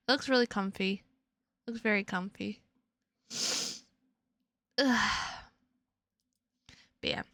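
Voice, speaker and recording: A woman's voice: on the high side, sharp tone, clean tone, no room sound, clean studio sound. A young adult woman streamer chatting casually with her viewers, rambling and playful, often repeating her words.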